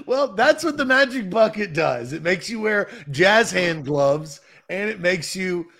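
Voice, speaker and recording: A man's voice: sits high, expressive, a little slow, vocal fry, fairly bright tone. Upbeat man hosting a sports show. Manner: upbeat, laughs often. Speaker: host. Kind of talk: casual sports talk.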